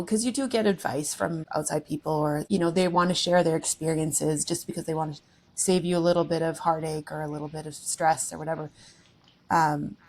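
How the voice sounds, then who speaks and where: A woman with a low, gravelly voice talking in a relaxed, reflective way. She tells personal stories earnestly, in a casual podcast chat. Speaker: podcast co-host.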